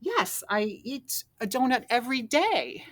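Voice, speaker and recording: A woman's voice: a little high, sing-song, unhurried, a bit bright, voice pushed up, full character voice. A woman voicing a sheepish, stammering man who hesitates over his words.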